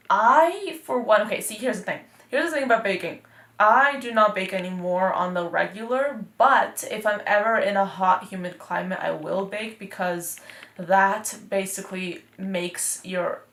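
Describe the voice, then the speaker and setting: A chatty eighteen-year-old woman from North Texas gives her casual take on new beauty releases. Her voice carries a gravelly fry at the ends of phrases. The room around her is echoey. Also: medium pitch, a bit bright. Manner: chatty and upbeat, with frequent fillers. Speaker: beauty vlogger. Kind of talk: casual anti-haul chat.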